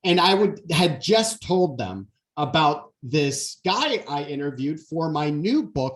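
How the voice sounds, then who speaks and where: Animated man giving a keynote. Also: on the high side, measured pace, hardly any pauses. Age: 40s. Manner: animated storyteller, acts out quotes. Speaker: keynote speaker. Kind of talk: motivational keynote talk.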